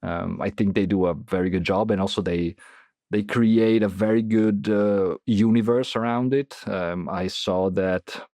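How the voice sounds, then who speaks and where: A man's voice: lowish voice, fairly even intonation, a little slow, a little mellow, no echo, studio quality. A man answering as a podcast guest in a casual, hesitant way, with many fillers and restarts.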